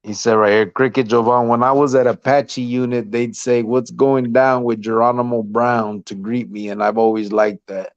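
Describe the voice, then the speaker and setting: A man's voice: medium pitch, level tone, moderate pace, few pauses, dry recording. Laid-back man, dry lo-fi podcast. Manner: laid-back, laughs often, says "man" a lot. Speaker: podcast host. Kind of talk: casual chat, reading viewer comments aloud. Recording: dry, slightly dull lo-fi sound.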